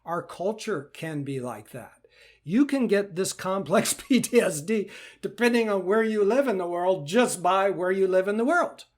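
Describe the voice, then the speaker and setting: A man teaching meditation in a live question-and-answer session, speaking gently and reassuringly and often repeating phrases. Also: high-pitched, animated, moderate pace. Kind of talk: live Q&A talk.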